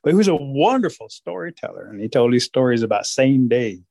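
A man who is a storyteller, telling folk tales in an animated way during an interview. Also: mid-range voice, brisk, gravelly, dry recording.

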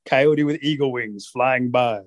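A man's voice: medium pitch, measured pace, dry recording, studio quality, voice pushed down, natural voice. A man storyteller voicing a boastful, lazy male coyote trickster who brags and complains. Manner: cocky, easily tired, whiny.

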